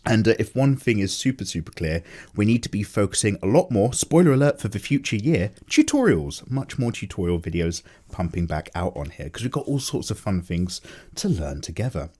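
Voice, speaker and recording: A man's voice: fairly low pitch, big pitch swings, a little fast, a little mellow. A tired man rambling casually and jokily as the host of an unedited chat. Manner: loose, chatty, jokey, many fillers. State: tired, low energy. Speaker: artist and channel host.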